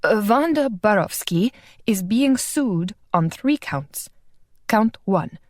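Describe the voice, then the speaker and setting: A woman's voice: mid-range voice, a little mellow, no echo, clean studio sound, close to an everyday voice. A woman narrator voicing a nervous, fumbling male court secretary reading out charges. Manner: hesitant, stammering formal reading.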